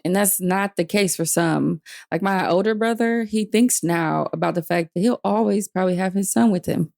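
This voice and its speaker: A woman's voice: mid-range voice, moderate pace, gravelly, darkish tone, no room sound, studio quality. A woman hosting a casual interview, asking questions and listening supportively. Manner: supportive listener, frequent "mm-hmm". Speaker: podcast host.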